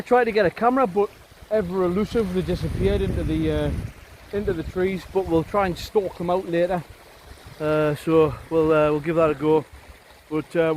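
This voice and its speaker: On a windy open hillside, a middle-aged hiking vlogger from Northumberland, England, rambles to camera, um-ing and uh-ing and poking wry fun at his companion. His voice is high-pitched with a darkish tone, set against wind and background music.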